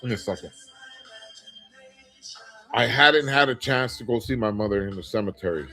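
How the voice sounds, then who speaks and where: A man's voice: medium pitch, fairly bright tone, low-quality recording. A middle-aged man hosts a casual livestream in an ordinary mid-range voice, greeting viewers and reading their comments aloud. He talks candidly and rambles, with plenty of fillers and restarts. Faint music plays in the background. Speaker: livestream host.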